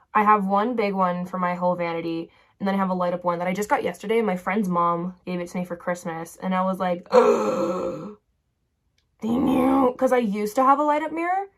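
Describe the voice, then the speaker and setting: A young woman vlogging casually while doing her makeup at her bedroom vanity, chatty and rambling, full of "like" fillers and drifting into tangents. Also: medium pitch. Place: bedroom vanity lit by a ring light.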